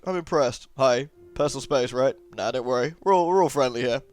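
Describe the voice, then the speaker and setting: A man's voice: mid-range voice, a little fast, smooth, faint music behind. A man commentating a game playthrough, chatty and sarcastic, joking at the characters. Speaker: let's play host. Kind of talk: gameplay commentary.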